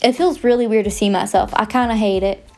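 A woman's voice: mid-range voice, steady tone, fairly quick, a little mellow, soft background music. A young woman hosting her podcast, chatting in a rambling, goofy, self-mocking way. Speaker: podcast host. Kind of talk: casual rambling chat.

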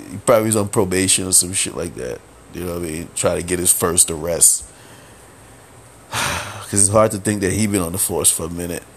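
A man's voice: sits low, creaky, a little hiss or hum. Profane New man hosting a podcast. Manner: animated, profane, repeats filler phrases. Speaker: podcast host. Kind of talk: casual solo commentary.

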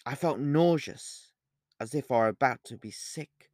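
A man, the author, reading his novel aloud as a steady, earnest first-person audiobook narration. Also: mid-range voice, unhurried, no echo, clean studio sound.

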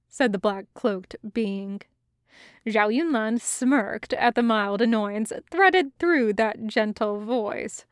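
A woman narrating a fan fiction audiobook in an unhurried, even reading style. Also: a little high, smooth, no room sound, studio quality. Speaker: podfic reader.

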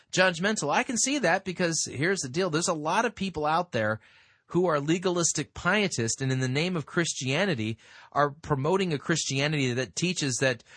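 A man's voice: on the high side, a bit bright, no room sound, studio quality. A man hosting a talk show who reads from an article and answers it in a sarcastic, dismissive way, with many fillers. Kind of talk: commentary on a read-aloud article.

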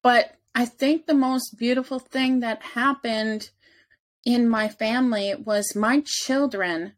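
A woman's voice: fairly high pitch, takes it slowly. A woman guest in a casual conversation, speaking earnestly and steadily while telling personal stories.

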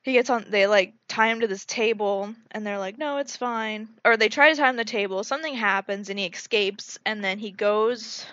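A young woman casually recapping a horror movie, animated and swearing, acting out the characters' lines with lots of "like" fillers. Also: mid-range voice, a little fast, few pauses, no room sound, highs cut off.

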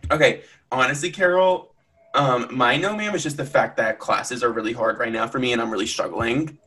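A young man co-hosts a relaxed podcast in a bright, clear tone at a middle pitch. He rambles easily, leaning on fillers as he goes. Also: brisk. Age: young adult. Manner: easygoing, rambling with many fillers. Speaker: podcast co-host. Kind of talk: casual podcast chat.

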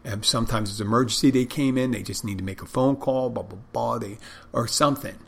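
A man with a husky, slightly breathy voice tells stories in an easy, conversational way. His pitch sits right in the middle of the range. He works as a server and bartender, and he acts out how he greets customers. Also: fairly quick, fairly bright tone. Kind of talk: casual storytelling monologue.

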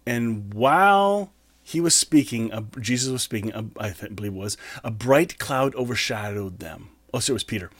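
A man preaching a conversational sermon as a pastor, reading scripture slowly and earnestly and then explaining it in a casual way. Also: medium pitch, animated, fairly bright tone, dry recording.

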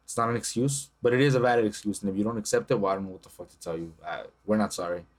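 Talking very fast in a lowish voice, a young man co-hosts a casual podcast chat. His stories are profane and lively, and he voices the people in them as he quotes them.

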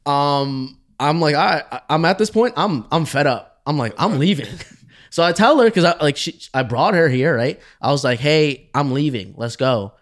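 A man co-hosting a podcast, telling a story in casual chat with many restarts, often trailing off quietly. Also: a little high, expressive, normal speed. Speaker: podcast co-host.

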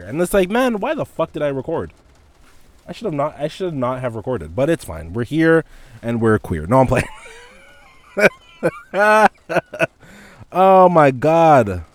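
Profane, animated young man ranting. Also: mid-range voice, no echo. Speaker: podcast host. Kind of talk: casual solo rant. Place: indoors with heavy rain outside.

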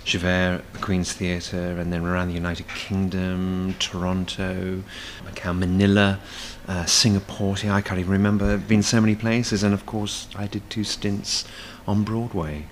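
A man's voice: low voice, level tone, normal speed, hardly any pauses, slight background noise. A man, a stage performer, chatting as a guest in a casual cafe interview, rambling with many fillers and restarts.

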